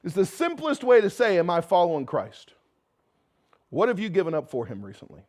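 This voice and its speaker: A man preaching a sermon to his congregation with an American accent, swinging from loud emphatic calls to quiet, intimate passages and slipping in joking asides. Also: sits high, huge pitch swings, fairly quick. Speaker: pastor. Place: church sanctuary before a congregation.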